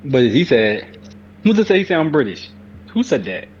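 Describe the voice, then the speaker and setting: A man's voice: a little high, big pitch swings, moderate pace. A man co-hosts a laid-back podcast and speaks informally, with loose grammar. His mic sounds a bit dull and lo-fi, with a faint hiss underneath. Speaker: podcast co-host. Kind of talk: casual chat.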